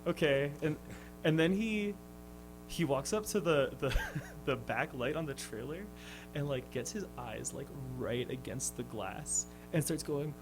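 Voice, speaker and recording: Here the young touring musician sounds expressive and unhurried, his voice medium in pitch, as he laughs and stumbles through stories with fillers and restarts. It's a casual radio interview captured in low quality, with music beneath the studio talk.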